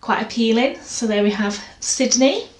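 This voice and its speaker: A woman's voice: a little high, expressive, moderate pace. A woman chatting casually about her art, rambling and self-deprecating. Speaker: artist vlogger. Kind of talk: casual chat. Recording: echoey room, faint noise.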